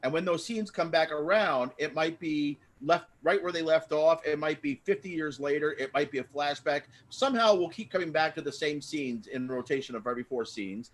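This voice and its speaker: A man hosting a live improv comedy show over a video call, talking in an excitable, rambling way. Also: on the high side, a little fast, hardly any pauses. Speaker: improv host.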